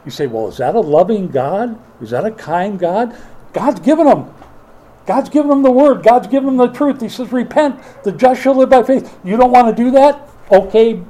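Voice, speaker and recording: A middle-aged man preaching a sermon as pastor, lively and playful, acting out taunts and quoted voices. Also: high voice, moderate pace, poor audio.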